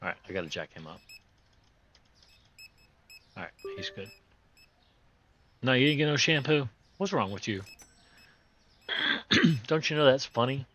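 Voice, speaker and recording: A man with a hoarse voice that is still recovering, hosting a video game playthrough with rambling, joking casual commentary in folksy, loose grammar. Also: medium pitch, very animated, measured pace, pauses often, fairly bright tone, muffled recording, slight background noise. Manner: joking, rambling, chuckles often. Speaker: host playing a video game.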